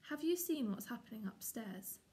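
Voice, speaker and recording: A woman's voice: on the high side, expressive, normal speed, dark tone, natural voice. Woman reading as fierce streetwise she-cat Holly.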